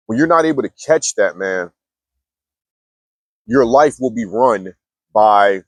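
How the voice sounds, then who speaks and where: Young male vlogger, mid-pitched, casual and slangy, full of restarts, dry close mic. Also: no room sound. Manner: laid-back slangy talk with many restarts. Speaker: mindfulness vlogger. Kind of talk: casual storytelling monologue.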